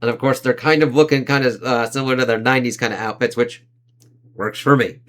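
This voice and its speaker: A man talks through a comic book in a loose, casual review, his pitch sitting in a plain middle range. He reads the panel dialogue aloud with playful put-on voices, laughs easily, and swears in an offhand way. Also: fairly even intonation, quick pace, a bit bright.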